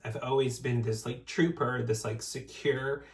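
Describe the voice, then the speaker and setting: A man hosting his own podcast, talking casually to camera, nervous, excited and swearing freely. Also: medium pitch, measured pace, far from the mic. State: shaky and close to tears. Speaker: podcast host. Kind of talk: casual vlog talk to camera.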